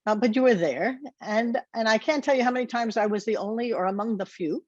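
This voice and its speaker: A woman's voice: a little high, a little fast, dry recording. Older woman, podcast host, reflective, laughing, dry dull recording. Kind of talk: conversational interview.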